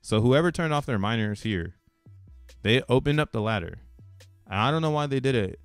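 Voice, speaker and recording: Chill slangy dude rambling about charts, smooth clean voice, a bit of quiet music under it. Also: male voice, mid-range voice, animated, moderate pace, dry recording. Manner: slangy and loose, laughs between points; rambling, restarts thoughts mid-sentence. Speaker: crypto channel host. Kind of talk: casual commentary on a chart.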